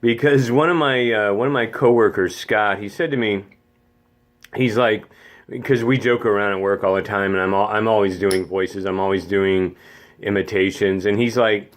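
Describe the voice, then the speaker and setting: A man's voice: on the low side, steady tone, normal speed. Chatty theatrical man talking to camera. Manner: chatty, theatrical, self-mocking. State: slightly congested, clearing throat. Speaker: vlog host, infant room caregiver. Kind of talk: casual vlog chat.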